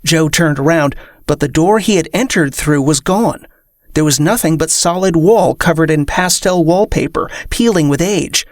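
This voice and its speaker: A reader narrating a fiction podcast story in an even storytelling voice. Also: medium pitch, moderate pace, no echo, studio quality.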